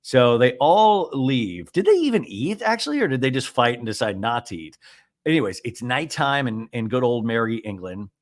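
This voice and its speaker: A man hosting a comedic TV recap podcast, retelling scenes in an animated, gossipy way. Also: mid-range voice, normal speed. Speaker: podcast host.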